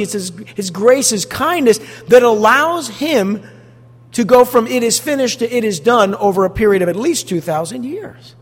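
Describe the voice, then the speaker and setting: A man preaching a sermon as pastor, animated and full of rhetorical questions to the congregation. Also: very high-pitched, breathy edge, big-room sound.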